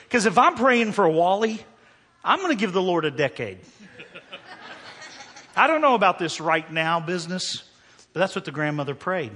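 Male pastor, slightly high, bright voice, storytelling sermon delivery, long hall reverb. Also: lively intonation, normal speed. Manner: storytelling preacher, swings from hushed to emphatic.

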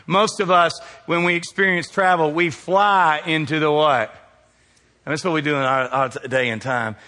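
Preacher in a reverberant hall. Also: male voice. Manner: call-and-response preaching, rises high and loud then drops low. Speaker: pastor. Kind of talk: sermon.

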